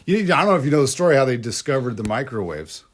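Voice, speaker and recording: A man's voice: mid-range voice, animated, fast talker. A man co-hosting a podcast in casual chat, telling rambling stories with restarts and laughs. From United States. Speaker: podcast co-host.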